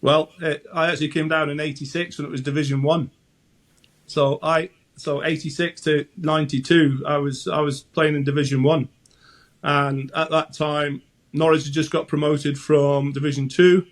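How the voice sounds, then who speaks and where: A man's voice: on the high side, flat delivery, normal speed. A Scottish man in his sixties, a former goalkeeper, chatting as a guest and telling anecdotes with frequent restarts. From Scotland. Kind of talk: casual interview chat.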